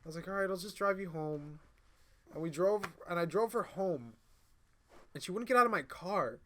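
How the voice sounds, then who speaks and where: A man's voice: sits high, expressive, moderate pace, fairly bright tone, a little hiss or hum. A man, a podcast co-host, telling a long casual story among friends, swearing freely and acting out both sides of the dialogue. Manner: rambling, swearing, acts out both sides of dialogue, laughs mid-sentence.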